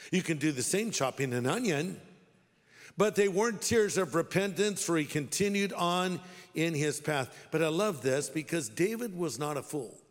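A man's voice: high-pitched, big-room sound. A man preaching a sermon as a pastor, talking in a wry, direct, conversational way.

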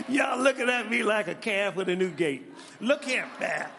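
High, lively male preacher in a hall. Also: vocal fry, background noise. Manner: animated, calls out to the congregation, builds to shouting. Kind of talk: sermon with personal testimony. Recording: long reverb of a large hall.

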